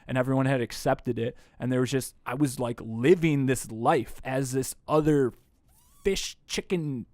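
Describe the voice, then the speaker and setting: A man, a podcast guest, telling a story in a casual, animated way, swearing freely. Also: mid-range voice, measured pace, no echo, studio quality. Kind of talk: casual conversation. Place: indoor room.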